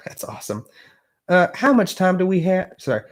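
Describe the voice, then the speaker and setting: A man reading a hearing transcript aloud, breaking off to mutter quiet asides to himself. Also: sits high, very animated, moderate pace. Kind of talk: casual read-aloud with asides.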